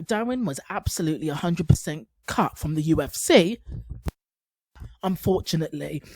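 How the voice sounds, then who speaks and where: A woman's voice: lowish voice, a little mellow, no room sound. A woman giving casual commentary as a YouTube commentator, chatty with sarcastic asides.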